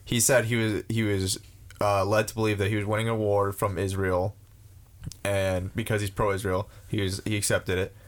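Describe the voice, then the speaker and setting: A man's voice: lowish voice, little pitch movement, moderate pace. A man in a casual podcast chat, explaining news items in a rambling, hesitant way.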